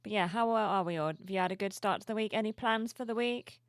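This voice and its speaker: A sleepy woman streamer chatting softly and cheerfully with her viewers at home, reading their messages aloud. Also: mid-range voice, quick pace, no echo, studio quality. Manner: soft-spoken, cheerful, reads chat aloud. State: sleepy, yawning. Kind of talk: casual live-stream chat. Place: home room with plushies.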